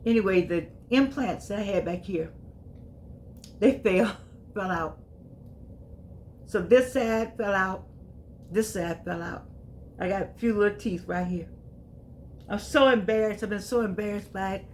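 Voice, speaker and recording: A woman's voice: mid-range voice, unhurried, long pauses, a little hiss or hum. Chatty woman in her eighties. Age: 80s. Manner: folksy, repeats herself, emphatic. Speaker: vlogger. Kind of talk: casual spoken reflection.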